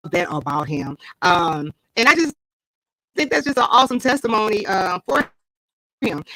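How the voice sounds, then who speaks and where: A woman's voice: on the low side, fairly bright tone, no room sound, poor audio. A woman hosting a live online interview, effusive and chatty, laughing often, talking into a computer mic. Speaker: host. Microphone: computer mic, live stream.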